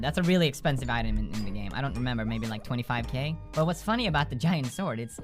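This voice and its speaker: A young man hosting a gaming video, telling comic stories in a casual, profane, animated way and laughing often. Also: mid-range voice. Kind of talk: casual comedic storytelling.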